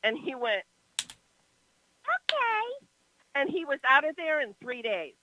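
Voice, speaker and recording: A woman telling a story on a talk show, animated and expressive, with a bright, forceful voice. Her level swings from loud to soft. The sound is dry and a bit dull. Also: high voice, brisk, no echo.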